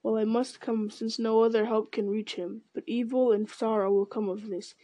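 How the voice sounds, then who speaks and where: Woman reader as a stern old wizard, solemn and clipped, mellow tone. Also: on the high side, level tone, moderate pace, no room sound, lightly acted. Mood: grave. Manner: terse, solemn. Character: grave old male wizard, stern and urgent. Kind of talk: audiobook character voice.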